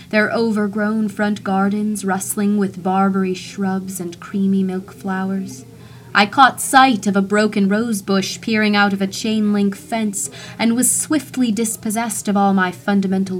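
A woman's voice: mid-range voice, steady tone, normal speed, slight background noise. Woman narrating a wry audiobook. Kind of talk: scripted first-person narration.

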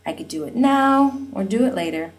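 A woman narrating an audiobook, voicing a polite young Chinese nanny who answers in halting, broken English. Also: high voice, expressive, faint music behind, voice pushed up, low-quality recording. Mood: polite, evasive. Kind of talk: audiobook reading.

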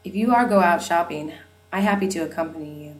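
A woman narrating an audiobook, voicing a polite young Chinese nanny who answers in halting, broken English. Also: fairly low pitch, darkish tone, natural voice, low-quality recording. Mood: polite, evasive. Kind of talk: audiobook reading.

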